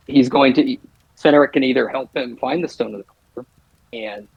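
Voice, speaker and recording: A man playing a tabletop game, calmly describing what his character does. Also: medium pitch, normal speed, creaky, long pauses, slightly rough, no echo, muffled recording. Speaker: player.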